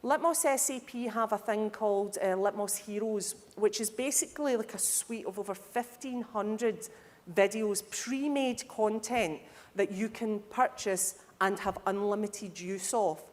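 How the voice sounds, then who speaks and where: A woman speaking to a live audience at a conference, lively and candid, with humorous asides. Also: mid-range voice, measured pace. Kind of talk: conference talk. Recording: hall reverb.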